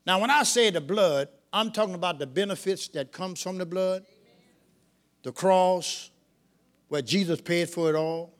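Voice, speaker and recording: High-pitched shouting preacher man. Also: unhurried. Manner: shouting, call-and-response preaching. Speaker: pastor. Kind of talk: sermon. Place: church sanctuary with congregation. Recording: live church recording with crowd. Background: congregation responding.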